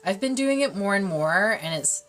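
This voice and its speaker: A woman's voice: mid-range voice, lively intonation, normal speed, fairly bright tone, soft background music. A woman hosting a casual livestream, bubbly and giggly, slipping between English and French as she answers chat. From Canada. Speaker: livestream host reading chat.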